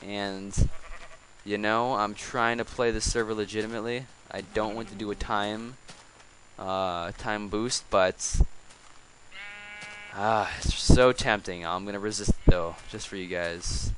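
A man's voice: fairly low pitch, fairly even intonation, a little slow, a little hiss or hum, poor audio. A man giving casual gameplay commentary, coaxing animals along with exasperated, chatty asides. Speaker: let's play host.

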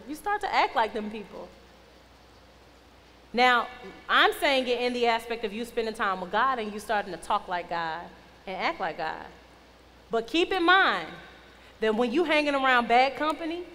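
Young woman youth pastor, kinda high voice, playful teasing sermon, long echo in the hall. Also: pushed and bright. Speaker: youth minister. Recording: long reverb, faint noise.

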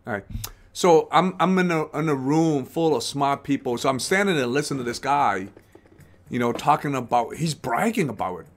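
A man's voice: medium pitch, expressive, moderate pace. A man hosting a live investing show in casual talk, rambling and often restarting his phrases as he acts out other people's words.

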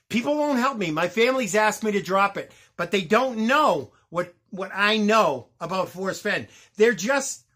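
Angry, profane man ranting at high pitch. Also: bright, forceful tone. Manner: angry, profane, repeats words and restarts. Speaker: vlogger.

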